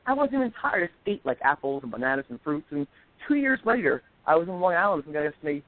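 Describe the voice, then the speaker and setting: A man in his forties talks quickly and with energy, pitched a little high for a man. He tells stories as a guest and acts out the voices of the people in them. His voice comes down a tinny phone line with a dry, close sound. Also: no room sound. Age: 40s. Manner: animated storyteller, acts out quoted voices. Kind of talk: casual chat.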